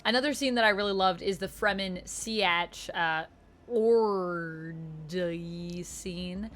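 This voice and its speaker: Chatty and enthusiastic, a book vlogger shares her thoughts full of "like" and other fillers. She speaks at normal speed in a mid-range voice that sounds pushed and bright.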